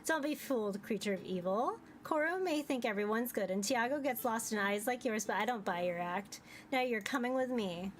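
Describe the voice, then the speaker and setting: A woman's voice: on the high side, normal speed, hardly any pauses, slight background noise, close to an everyday voice. A woman voicing a proud, scornful woman adventurer in a visual novel, with a cool, dismissive delivery.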